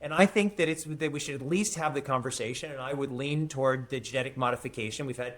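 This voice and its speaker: A man's voice: medium pitch, fast, a bit bright. A man, a historian and futurist, talking emphatically in a podcast interview and repeating phrases to drive his points home.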